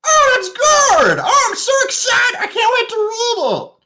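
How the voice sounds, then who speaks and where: A woman voicing a dim, boastful young male king who is fawning and childishly excited. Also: very high voice, a little slow, pitched above the performer's own voice, full character voice.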